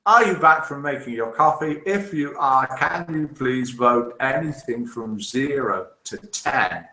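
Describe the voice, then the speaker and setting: A man's voice: mid-range voice, a little slow, sharp tone. A man hosting a casual live broadcast, chatting cheerfully and reading out viewer comments. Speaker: host of a live daily broadcast. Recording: roomy echo.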